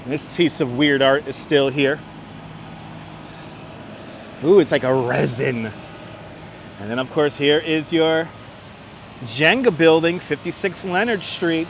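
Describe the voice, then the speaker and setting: A man's voice: a little high, slow pace, long pauses, fairly bright tone. A man giving a chatty live-streamed walking tour outdoors on city streets, greeting viewers by name, a little congested from being under the weather, on a wireless clip-on mic. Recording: faint street and traffic noise.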